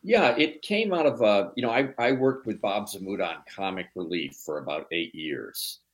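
Low-voiced storytelling producer man. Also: normal speed. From Chicago. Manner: relaxed, rambling storyteller. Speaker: documentary producer, guest. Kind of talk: casual interview storytelling.

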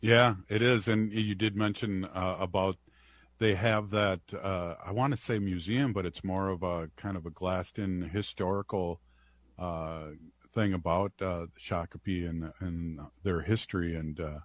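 A man hosting a casual conversation, talking loosely with frequent pauses and uhs. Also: deep voice, steady tone.

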